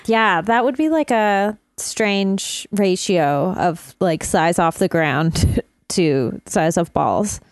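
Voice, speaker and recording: A woman co-hosting a casual chat, reacting slowly and drawing out her words. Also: lowish voice, no echo.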